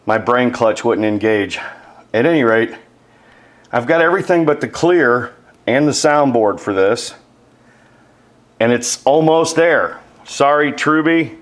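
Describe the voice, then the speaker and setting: Narrating casually from his workshop, a man explains how he builds his models, poking fun at himself as he goes. He's a model maker with a medium-pitched voice and lively intonation, and he speaks unhurriedly with frequent pauses.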